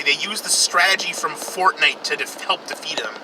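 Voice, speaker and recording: A man's voice: a little high, normal speed, sharp tone, a little hiss or hum, rough recording. Profane, rambling young man reviewing a movie. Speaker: film reviewer. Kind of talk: casual film review while driving. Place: in a car, outdoors traffic.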